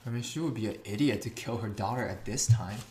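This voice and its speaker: A woman's voice: rumbling low, fast talker, dark tone. A woman listening along and reacting with incredulous interjections and questions. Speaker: co-host listener. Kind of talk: casual chat reactions.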